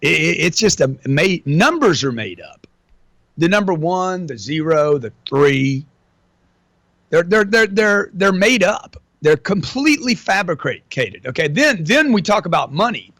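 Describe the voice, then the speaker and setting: A man's voice: high voice, very animated, unhurried, fairly bright tone, no room sound. A middle-aged man as an interview guest, talking in a brash, slangy, profane way and calling everyone man and dude. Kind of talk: casual interview talk.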